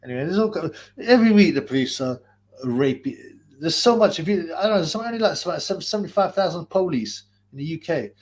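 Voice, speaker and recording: A man's voice: on the high side, animated, quick pace, slight background noise. A man ranting profanely on a live stream, mocking and laughing, his nose blocked so his breathing is heard. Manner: abusive, mocking, laughing, mimics callers.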